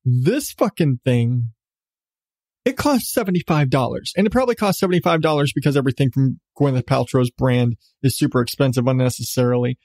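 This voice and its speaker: A man's voice: medium pitch, expressive, a little fast, a little mellow, dry recording. A man hosting a podcast, ranting sarcastically about odd news with lots of swearing and laughs. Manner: profane, sarcastic, laughing often. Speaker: podcast host. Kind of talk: casual comedic news rant.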